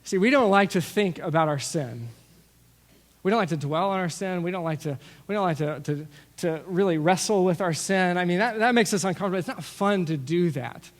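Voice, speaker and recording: Pastor guy telling stories in his sermon, voice a bit high, big hall echo. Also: fairly quick. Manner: storytelling, animated with asides and acted-out quotes. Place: church sanctuary. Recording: long reverb of a large hall.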